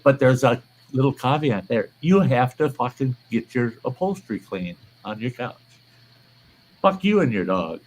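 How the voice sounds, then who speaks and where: A man's voice: medium pitch, animated, normal speed, darkish tone, rough recording. An older man hosting a casual livestream chat, telling stories in a blunt, profane way. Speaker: host.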